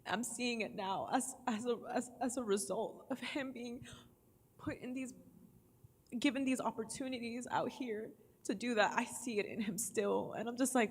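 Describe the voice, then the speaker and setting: A woman's voice: medium pitch, normal speed. A woman, a parent, fondly recalling her child with rambling sentences and fillers. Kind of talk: personal testimony. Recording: reverberant room.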